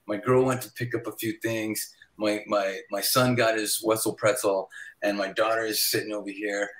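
A man telling lively stories as a guest on a video-call show, often laughing as he talks. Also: fairly low pitch. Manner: animated, laughs through his stories. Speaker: guest guitarist. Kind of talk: casual storytelling chat. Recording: roomy echoey sound.

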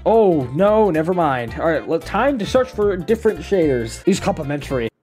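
A gameplay commentator narrating a build in an excitable, self-mocking way, swearing freely and breaking into laughter. The voice swings widely up and down in pitch while talking. Soft music plays faintly in the background. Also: moderate pace.

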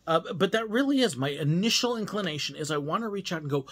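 A man's voice: sits high, expressive, moderate pace, few pauses, a bit bright, slightly rough. A man hosting a devotional podcast, speaking in an earnest, self-searching monologue with frequent hesitations.

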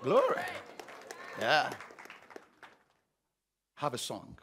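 Man, pastor, sermon, dramatic, sound effects, higher voice. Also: normal speed, fairly bright tone, a faint crowd, slight background noise.

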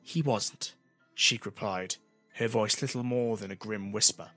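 A man narrating a fantasy audiobook in an expressive storytelling manner. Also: fairly low pitch, moderate pace, soft background music.

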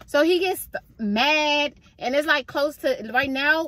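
A woman's voice: high-pitched, unhurried, few pauses. Frustrated young woman venting to camera. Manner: frustrated, venting, animated storytelling. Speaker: vlogger. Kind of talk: casual vlog rant.

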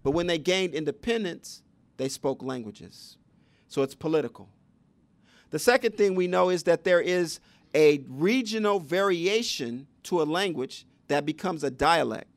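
A man's voice: fairly high pitch, animated, measured pace, no echo. A man giving a public lecture on education, teaching conversationally and asking the audience rhetorical questions. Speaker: education speaker.

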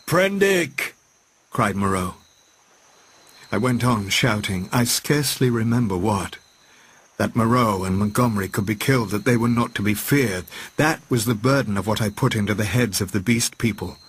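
A man narrating a classic novel as an audiobook, in a steady, measured reading voice. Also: on the low side, slightly rough.

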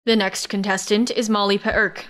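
A woman's voice: mid-range voice, little pitch movement, normal speed, a bit bright, close to an everyday voice. A woman voicing a cold, aloof father who announces bids in a formal, unenthusiastic way. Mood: flat announcing. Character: cold, aloof middle-aged father, male.

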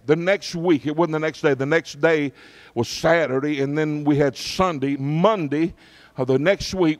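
A middle-aged pastor tells a personal story in his sermon, often checking in with his congregation. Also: on the high side.

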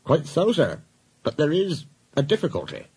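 A man's voice: on the high side, very animated, moderate pace, darkish tone, slightly rough, pitched above the performer's own voice, exaggerated voice. A man doing a deferential railway inspector. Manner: deferential and formal. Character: dutiful male railway inspector. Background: background music.

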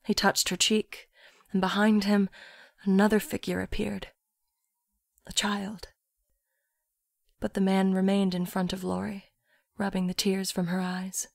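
A woman reading a literary story aloud, in a soft, often near-whispered narration. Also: medium pitch, flat delivery, takes it slowly, vocal fry, pauses often, dry recording, studio quality.

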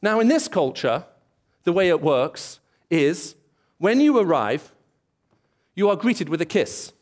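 A man's voice: sits high, sing-song, a little slow, a little mellow. A man preaching a sermon in a church, telling stories and acting out bits of dialogue. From England. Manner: storytelling, acts out dialogue and voices.

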